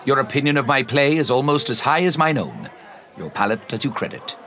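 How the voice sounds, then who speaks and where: A man's voice: mid-range voice, very animated, brisk, a bit bright. A man in an audio drama playing a vain, witty Victorian playwright who speaks in a languid, grand way, with party chatter behind him. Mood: gracious. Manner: languid, grandiloquent, self-admiring. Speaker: actor.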